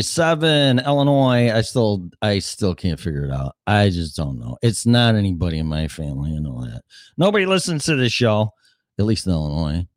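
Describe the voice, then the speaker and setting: A man's voice: on the low side, dry recording. Male solo podcast host, dry close sound, scattered and self-mocking, swears freely. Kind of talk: casual rambling solo show.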